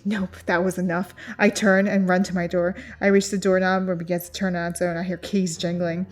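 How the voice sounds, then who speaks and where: A woman narrating a first-person horror story in a tense, hushed, often whispered voice. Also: on the low side, flat delivery, a little fast, soft background music.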